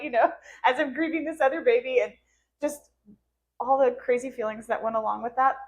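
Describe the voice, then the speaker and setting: A woman's voice: high-pitched, fairly even intonation, fairly quick. A woman podcast host telling an emotional personal story in casual conversation, her voice rising and cracking into tearful laughter as she relives moments.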